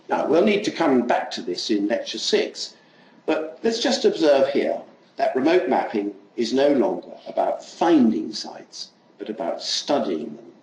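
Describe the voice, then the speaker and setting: An older man giving an academic lecture, reading a prepared text in a measured way with occasional asides. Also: mid-range voice, a little mellow. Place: lecture hall. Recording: echoey lecture hall, faint noise.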